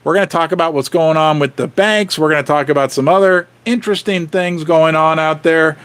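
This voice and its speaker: A middle-aged man hosting a casual livestream, excitably rattling off viewer names and shout-outs, his voice going hoarse. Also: fairly high pitch, a little fast. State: losing his voice. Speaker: livestream host.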